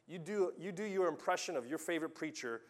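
A man preaching a sermon, telling stories with lively swings from loud urging to hushed, quiet lines. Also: on the high side, quick pace.

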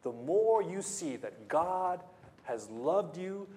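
A man's voice: a little high, big pitch swings, takes it slowly, warm tone. A man preaching a sermon, emphatic, repeating phrases and putting rhetorical questions to the congregation.

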